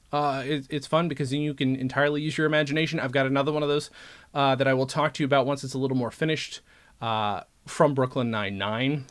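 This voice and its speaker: A man in his thirties talking casually to camera as a vlogger, rambling and joking, often breaking off mid-sentence. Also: medium pitch. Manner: rambling, self-interrupting, joking. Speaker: vlogger and podcaster.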